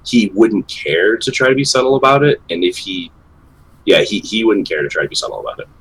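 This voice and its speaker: A man with a very deep, husky voice that still sounds bright describes his character's actions. He speaks haltingly, with plenty of pauses. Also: rough recording. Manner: hesitant, many fillers and restarts. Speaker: player.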